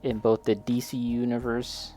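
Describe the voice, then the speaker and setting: A man's voice: medium pitch, level tone, moderate pace, dark tone, soft background music. A man chatting casually while building a model kit, talking straight to a friend and laughing often.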